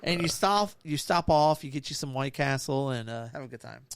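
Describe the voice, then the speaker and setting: A man co-hosting a casual live beer show, telling joking tall tales with a deadpan delivery. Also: mid-range voice, moderate pace, slight background noise. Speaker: podcast co-host. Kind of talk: casual live-stream chat.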